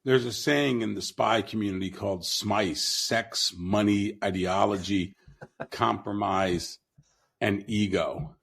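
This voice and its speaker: Man, gravelly voice, husky tone, blunt and mocking, casual podcast talk. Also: on the low side, fairly even intonation, takes it slowly, fairly bright tone. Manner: blunt, profane, mocking, restarts often.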